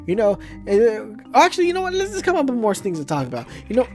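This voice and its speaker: Man, podcast host, lively pitch swings, hesitant comic delivery, faint music behind. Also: fast talker. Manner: laughing, hesitant, animated. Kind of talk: comedic skit chat.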